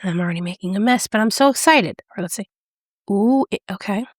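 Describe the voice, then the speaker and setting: A bubbly, excitable woman chatting through a makeup review and demo, gushing over each shade. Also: medium pitch, a little fast, no room sound, studio quality. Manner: drops to a whisper when excited. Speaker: beauty vlogger. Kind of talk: casual product review and demo.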